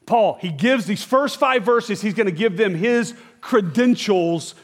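High-voiced male pastor in a reverberant hall. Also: lively intonation, unhurried. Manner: conversational and emphatic, keeps checking in with "okay?". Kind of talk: sermon.

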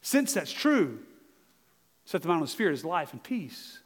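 A man with a Southern US accent preaching a sermon as pastor, earnest and emphatic, with quick self-mocking asides. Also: fairly high pitch, sing-song. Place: church sanctuary. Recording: long hall reverb.

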